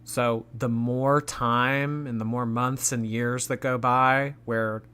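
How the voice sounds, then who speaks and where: A man's voice: mid-range voice, little pitch movement, slow pace, pushed and bright, clean tone. A man hosting a reaction commentary, making dry, mocking asides about the clips he plays. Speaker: commentary channel host.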